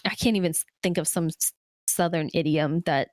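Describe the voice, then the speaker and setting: In a brisk, darkish, low-sitting voice, this podcast co-host talks through a movie review in a relaxed, rambling style packed with fillers. The recording is dry and clean, with studio sound.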